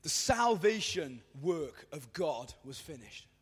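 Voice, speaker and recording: A man preaching a sermon in casual slang, with self-mocking asides, building from easy storytelling to shouted fervor. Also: a little high, sing-song, takes it slowly, slightly rough. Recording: long hall reverb.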